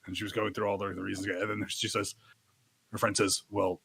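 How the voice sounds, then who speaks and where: A man's voice: on the low side, little pitch movement, fairly quick, creaky, a bit bright, husky, no room sound. A man co-hosting a podcast, chatting casually with wry humor and frequent laughter. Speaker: podcast co-host. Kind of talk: casual chat.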